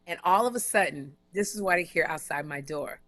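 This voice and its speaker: On a relaxed hotel-room live stream, a woman comedian who hosts a talk show tells a story at a fairly quick clip. Her voice sits on the low side, and her delivery is animated and emphatic, with repeated words for emphasis.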